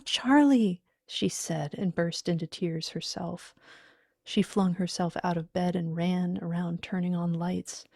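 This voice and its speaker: Slow, gravelly woman whispering a horror story. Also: fairly low pitch, no echo, clean studio sound. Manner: hushed, half-whispered delivery. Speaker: audiobook reader. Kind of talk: scripted horror narration.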